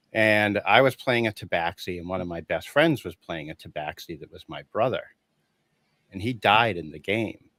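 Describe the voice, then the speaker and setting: A man with a lowish voice tells a story as a guest. He acts out the lines of the people in it and laughs along the way. The sound is dry and close. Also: no room sound. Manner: animated storyteller who acts out quoted dialogue, laughing often. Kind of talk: casual conversation.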